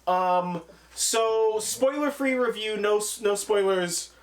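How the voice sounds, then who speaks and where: A man's voice: high voice, slow pace. A man hosting a casual movie review chat, rambling and swearing freely while retelling scenes.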